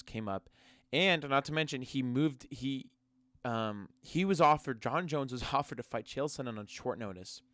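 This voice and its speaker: A man's voice: mid-range voice, no room sound. A man giving casual, sarcastic reaction commentary on MMA fighters and ranting with many restarts.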